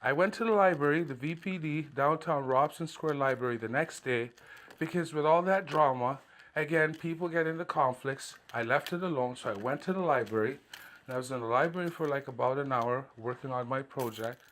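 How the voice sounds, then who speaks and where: A man's voice: mid-range voice, fairly quick, fairly bright tone. A man recording a personal complaint monologue, recounting events at length in an aggrieved way and waving details off with repeated filler. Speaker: citizen filing a complaint.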